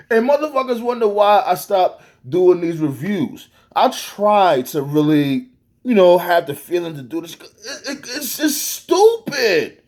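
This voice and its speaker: A man's voice: sits high, takes it slowly. A man giving a profane, exasperated rant reviewing a wrestling match. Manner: animated, swearing, exasperated.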